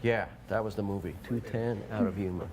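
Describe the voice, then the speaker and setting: A man's voice: lowish voice, fairly even intonation, a little fast, a crowd in the background. Chatty man co-hosting local TV. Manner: chatty, playful, teasing. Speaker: local TV shopping show co-host. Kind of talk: casual on-air banter. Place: local TV studio.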